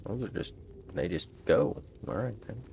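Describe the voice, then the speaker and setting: A man's voice: fairly low pitch, expressive, moderate pace, vocal fry, background noise. A man musing aloud in a meandering, casual monologue, restarting his sentences as he thinks.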